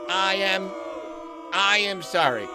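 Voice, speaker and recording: A man's voice: sits high, expressive, takes it slowly, creaky, over music, full character voice. A man playing a sleepy, pompous mustached character who rambles and keeps apologizing in a live comedy bit.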